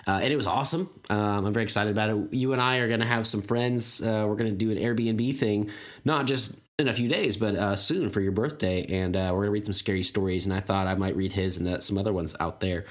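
A man's voice: on the low side, fast talker. A man in his thirties, co-hosting a podcast, chatting casually and rambling with lots of fillers. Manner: rambling, many fillers and restarts. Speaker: podcast co-host. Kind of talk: casual chat.

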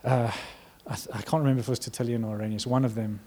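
A man preaching a sermon, telling a story with lively energy, acting out quotes and laughing now and then. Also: mid-range voice, rapid-fire.

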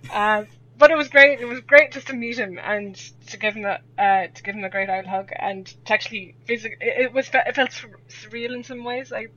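Bright-voiced chatty Irish woman. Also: medium pitch, a little hiss or hum. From Ireland. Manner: chatty, laughs often, rambling. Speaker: podcast guest. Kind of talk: casual storytelling. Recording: dull lo-fi audio.

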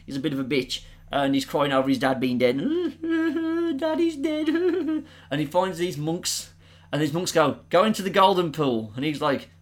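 A man's voice: fairly high pitch, fairly quick. A man retelling a film plot in casual, sweary chat, laughing often. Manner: animated, laughing, sweary storytelling.

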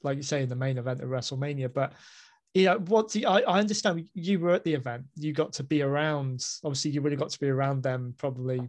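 A man's voice: mid-range voice, quick pace, a little mellow. A man hosting a casual interview, agreeable, giving short replies and then asking long, winding questions. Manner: agreeable, frequent short backchannels. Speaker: podcast host.

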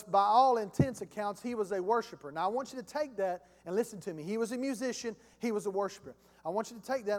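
A man preaching a sermon as pastor, impassioned and calling out to his congregation. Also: high-pitched. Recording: long hall reverb.

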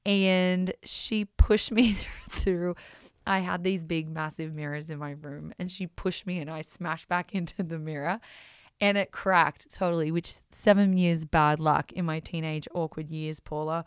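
A woman hosting a podcast, telling stories in an animated, self-mocking way and swearing freely. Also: low voice, measured pace, clean tone, dry recording, studio quality. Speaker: podcast host. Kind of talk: casual storytelling.

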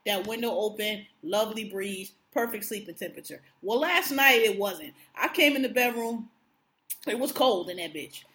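Animated, profane woman podcast co-host. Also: fairly high pitch. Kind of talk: casual chat.

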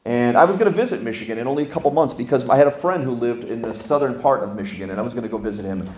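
A man's voice: medium pitch, rapid-fire, echoey room. A man preaching a sermon, telling stories and asking the congregation questions. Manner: storytelling, animated, asks the congregation questions. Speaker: pastor.

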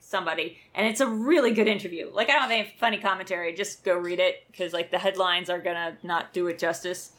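A woman's voice: lowish voice, fast, hardly any pauses, a bit bright. A woman co-hosting a podcast, chatting candidly and casually about movies. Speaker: podcast co-host.

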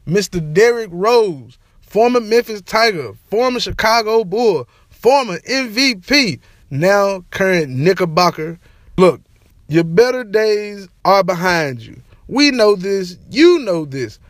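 A young man ranting casually to camera as a sports and entertainment vlogger, slangy and animated, repeating his catchphrases. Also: high voice, takes it slowly, dry recording, clean studio sound. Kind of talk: casual opinion rant to camera.

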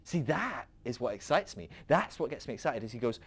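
A male podcast host rambles through philosophical ideas, laughing often and restarting his sentences. His pitch leaps around in a lively, expressive way. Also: brisk, husky. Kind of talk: casual philosophical teaching.

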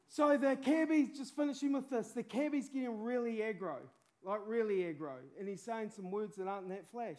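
A man's voice: high voice, normal speed, a little mellow. A man preaching a sermon with fervent urgency, peppering it with casual slang.

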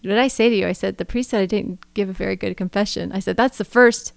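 A woman co-hosting a podcast, telling a story casually with frequent laughter and lively quoted dialogue. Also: medium pitch, fast talker, creaky, no room sound. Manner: laughing often, animated retelling with quoted dialogue. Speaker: podcast co-host.

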